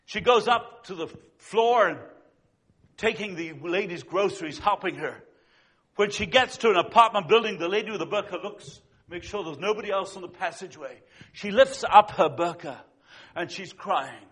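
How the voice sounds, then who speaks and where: A man preaching a sermon as a pastor, telling stories with swings between loud and hushed delivery. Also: high-pitched, slightly rough. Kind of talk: sermon with storytelling.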